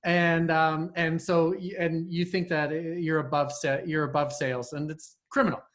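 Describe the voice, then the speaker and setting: A man hosting a casual interview, talking in a halting way with many fillers and restarts. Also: fairly high pitch, little pitch movement, fairly bright tone. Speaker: host.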